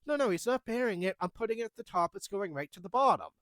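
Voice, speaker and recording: A woman's voice: mid-range voice, animated, quick pace, no echo, studio quality, pitched above the performer's own voice, close to an everyday voice. A man voicing a confused middle-aged woman customer who talks earnestly and keeps pleading her case.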